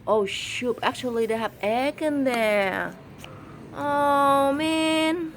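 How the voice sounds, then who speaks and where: A woman's voice: high voice, drawn-out words, slight background noise. A woman vlogging outdoors in her yard on a handheld phone, chatting in simple broken English and apologizing again and again. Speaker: vlogger and mother. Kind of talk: casual vlog chat.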